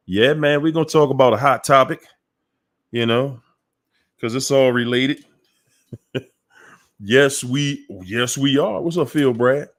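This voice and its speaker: A man hosting a casual livestream call-in show, greeting viewers by name and laughing often. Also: medium pitch. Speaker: livestream host. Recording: faint music behind.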